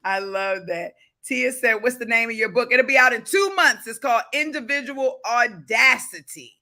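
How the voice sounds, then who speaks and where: Fired-up high-voiced Baltimore man. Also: moderate pace. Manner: fervent, bursts into shouting, reads viewer comments aloud. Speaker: livestream host. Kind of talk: motivational livestream talk.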